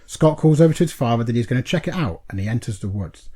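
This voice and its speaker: A man co-hosting a podcast, chatting casually, laughing often and calling his co-host "mate" as he reads out a horror film pitch. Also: lively intonation, fast, dark tone, breathy edge.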